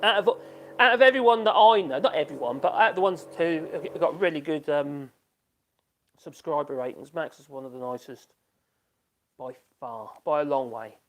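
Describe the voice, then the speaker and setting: This man talks at a moderate pace in a fairly high-pitched voice. He's hosting a laid-back live stream from his home workshop, where he chats loosely, laughs a lot, and responds to viewer comments as he reads them aloud.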